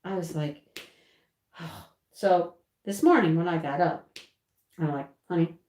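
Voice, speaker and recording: A woman hosting a home livestream, chatting casually and telling a rambling, animated story with frequent laughs while she crafts. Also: lowish voice, takes it slowly. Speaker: livestream host. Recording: roomy echo.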